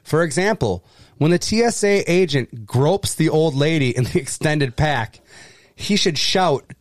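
A man in a casual podcast chat, reading a sarcastic, deadpan satire. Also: on the high side, normal speed, no echo, studio quality.

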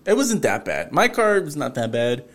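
A man's voice: mid-range voice, wildly swooping pitch, moderate pace. A man in casual podcast chat who tells profane stories and laughs often.

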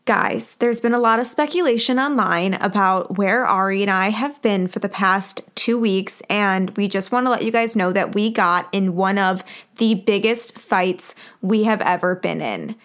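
A woman's voice: mid-range voice, moderate pace, fairly bright tone. Young woman, podcast co-host, casual chat, lots of fillers, laughs easily. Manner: chatty, laughs often, many "like" fillers.

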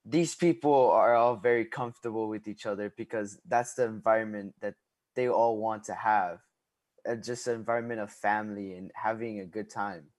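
Teen male radio host, lower pitch, reflective and hesitant. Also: steady tone, moderate pace, darkish tone. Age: teens. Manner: thoughtful, hesitant with fillers. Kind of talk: reflective casual chat on radio.

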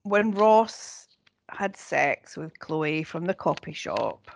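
Gravelly woman, chatty podcaster. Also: deep voice, takes it slowly, a little hiss or hum. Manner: animated, quotes lines with relish. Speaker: podcast co-host. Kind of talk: casual chat.

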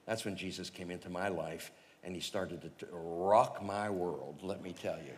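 A man preaching and telling his own conversion story, animated and chuckling, with lots of fillers. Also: low voice, normal speed, big-room sound. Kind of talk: personal testimony storytelling.

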